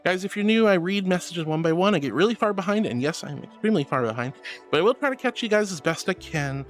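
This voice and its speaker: A man's voice: high voice, expressive, quick pace, soft background music. A man streaming as a VTuber in casual chat, reading viewer messages aloud and greeting people affectionately with pet names. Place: VRChat stream.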